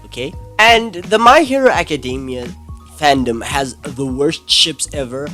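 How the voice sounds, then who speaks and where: A man's voice: a little high, a little slow, sharp tone, faint music behind. A young man giving an angry, exasperated, swearing commentary rant. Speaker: commentary YouTuber. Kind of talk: ranting video commentary.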